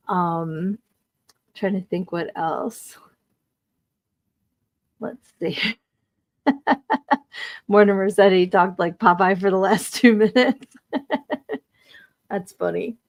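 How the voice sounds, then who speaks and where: A woman in her forties hosting a live stream, chatting casually and reading out viewer comments in a talkative, animated way, with lots of "like" and frequent laughter. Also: lowish voice, no echo. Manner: chatty and animated, heavy use of "like", laughs often. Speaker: streaming podcast host.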